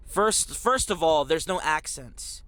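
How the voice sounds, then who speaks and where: A man's voice: a little high, expressive, slow, a bit bright, dry recording. A young man giving an emphatic, repetitive film-review rant after leaving the theater, full of slang. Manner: emphatic, repetitive, slangy, calls viewers bro. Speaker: movie reviewer.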